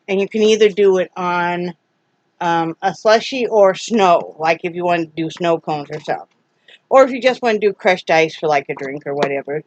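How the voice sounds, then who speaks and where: A woman's voice: mid-range voice, no echo, highs cut off. Chatty woman vlogging from home. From Iowa. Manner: chatty, rambling, scolds her dogs. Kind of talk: casual chat to camera.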